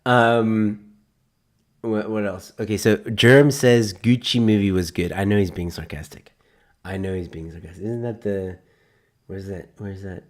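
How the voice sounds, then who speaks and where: A man with a fairly low voice hosts a relaxed live stream. He rambles and jokes with a sarcastic edge, stopping to read film blurbs aloud. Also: a little slow. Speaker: host. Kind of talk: casual live-stream chat.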